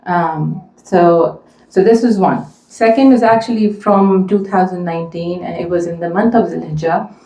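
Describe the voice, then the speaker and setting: Woman, mother, personal story, earnest, conversational, dark mellow tone, echoey hall. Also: fairly low pitch, normal speed. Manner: earnest, conversational, many fillers. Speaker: mother speaking at a community event. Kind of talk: personal story told to an audience. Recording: echoey room.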